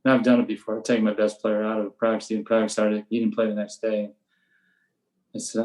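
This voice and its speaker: In a relaxed podcast interview, an older American high school baseball coach talks fast in a low, fairly flat voice, plainly explaining his drills. Every so often he acts out the blunt words he gives his players. The audio is poor.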